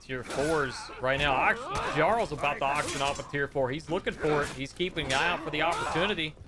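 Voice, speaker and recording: A man casting a live esports match with animated, rambling play-by-play commentary. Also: on the high side, a little fast. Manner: rambling, animated, many fillers and restarts. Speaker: esports caster. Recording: loud background noise.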